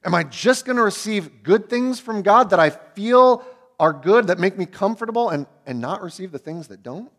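Pastor guy preaching, kinda high voice, gets loud then goes real quiet. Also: expressive, normal speed. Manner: dynamic preaching, swinging from loud emphatic peaks to hushed low asides. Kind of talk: sermon.

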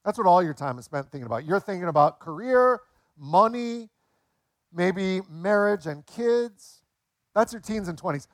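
A man in his late forties preaching a sermon in a relaxed, conversational way, telling jokes along the way. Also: high voice, moderate pace, dry recording, clean studio sound. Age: 40s. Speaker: pastor.

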